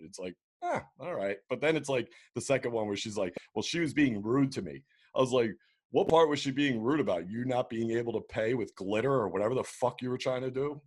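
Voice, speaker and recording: Husky man with a lively voice. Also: mid-range voice. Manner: wry, laid-back, quotes people in put-on voices. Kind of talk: casual profane chat.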